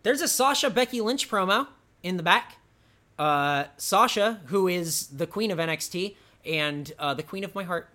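A man's voice: high voice, lively intonation, normal speed, pushed and bright. A man co-hosting a podcast, chatting casually and enthusiastically through a wrestling recap, rambling and laughing often. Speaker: podcast co-host.

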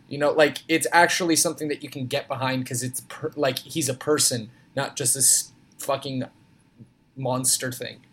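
A man co-hosting a podcast from a hotel room, chatting casually about wrestling and joking around. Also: medium pitch. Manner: jokey, breaks into goofy impressions. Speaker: podcast co-host. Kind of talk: casual wrestling recap chat.

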